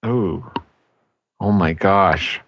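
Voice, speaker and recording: A man's voice: low voice, very slow, fairly bright tone, no echo, dull audio. A man co-hosting a casual podcast, joking and chuckling. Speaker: podcast co-host.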